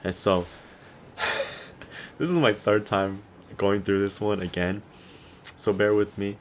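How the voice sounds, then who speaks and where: A young man in his twenties talks on his solo podcast with a very deep voice. He rambles easily through his thoughts, stacking fillers and soft chuckles, and sounds a little tired. A faint hum of noise sits under him. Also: little pitch movement, slow pace. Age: 20s. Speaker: podcast host. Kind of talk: casual solo podcast chat.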